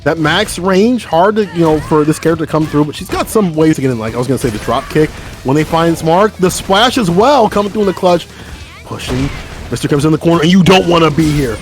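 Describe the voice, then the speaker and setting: A man's voice: on the high side, brisk, soft background music. Hyped male fighting game commentator. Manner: excitable, hype, talks to chat. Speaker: esports commentator.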